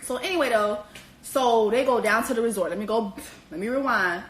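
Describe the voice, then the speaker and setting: A woman giving a blunt, profane, animated comedic recap full of slang. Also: a little high, a little fast, a little hiss or hum. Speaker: vlogger recapping a reality show. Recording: echoey room.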